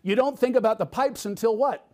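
A middle-aged man speaks from a conference stage in a keynote, his voice sitting noticeably high for a man. He tells a personal story and turns often to the audience with questions. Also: brisk, a little mellow. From United States.

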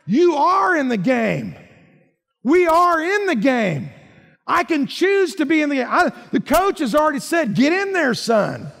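A man's voice: very high-pitched, very animated, measured pace, gravelly, a bit bright. A male pastor preaching a sermon in a folksy, emphatic way, often dropping in asides like "man" and "right?". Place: church sanctuary. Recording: church hall reverb.

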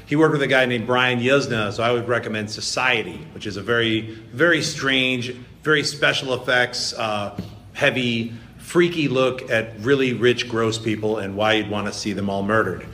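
As a guest on a convention stage panel, a man chats casually, an enthusiastic, profane film buff who jokes freely while recommending things. His medium-pitched voice is pushed and bright at a moderate pace, with a little hiss or hum in the recording.

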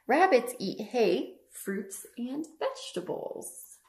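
A woman librarian leading a toddler story time, reading and talking in a slow, sing-song, animated way. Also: a little high, echoey room. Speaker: children's librarian.

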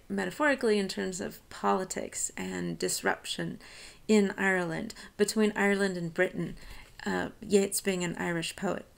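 Gravelly-voiced American woman lecturing. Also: medium pitch. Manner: reads verse slowly, then explains in relaxed conversational asides. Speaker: college professor. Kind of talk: lecture on a poem, reading lines aloud and explaining.

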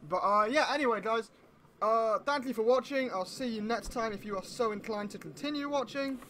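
A man giving gameplay commentary, excitable and swearing a lot, with sudden yelps when something scares him. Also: very high-pitched, a little fast, a little hiss or hum. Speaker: let's play gamer.

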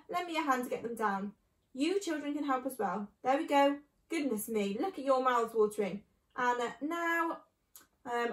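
A woman reading as a sly, boastful fox. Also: high voice. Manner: grinning, showy and commanding. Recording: echoey room.

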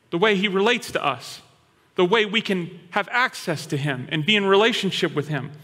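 A male pastor preaching a sermon in an animated storytelling manner. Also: fairly high pitch. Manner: animated storytelling, acting out quoted voices. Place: church hall. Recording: long hall reverb.

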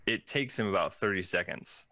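A man narrating a tabletop game as game master, unhurried and filling pauses with ums and uhs. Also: low voice, sharp tone, dry recording, studio quality.

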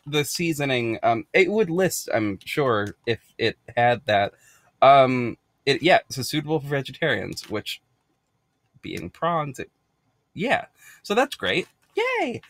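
An American podcast host chatting casually while unboxing, bubbly, rambling and quick to giggle. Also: male voice, on the high side, a bit bright.

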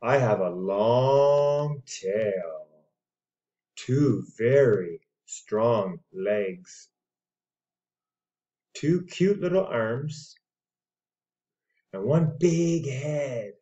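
A man's voice: medium pitch, lively intonation, extremely slow, pauses often, mellow, dull audio. A man reading aloud as a friendly talking dinosaur introducing itself to children. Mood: cheerful. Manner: cheerful, childlike storybook reading.

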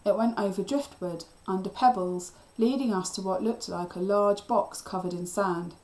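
Woman teacher, reading a children's novel aloud, steady storytelling, mid pitch. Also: moderate pace.

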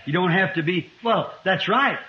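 A man in his fifties preaching a sermon to a congregation, climbing to loud emphatic lines and dropping to quiet asides. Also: high-pitched, moderate pace. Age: 50s. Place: church before a congregation. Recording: muffled lo-fi 1960s sermon tape.

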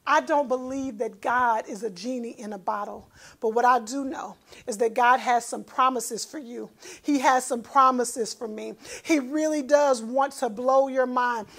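A woman's voice: on the high side, a little slow. A woman preaching a fervent sermon, repeating phrases and calling out to listeners. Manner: fervent, repetitive call-and-response preaching.

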